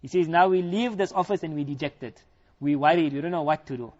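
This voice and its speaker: South african guy preaching a story, kinda high voice, muffled lo-fi sound. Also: brisk, a little mellow. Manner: retells a story with quoted dialogue. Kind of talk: storytelling sermon. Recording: dull lo-fi recording.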